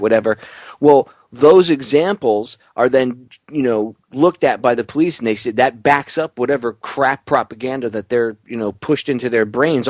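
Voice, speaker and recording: A man's voice: mid-range voice, normal speed, dry recording. A man hosting a political talk radio show, ranting bluntly with heated sarcasm.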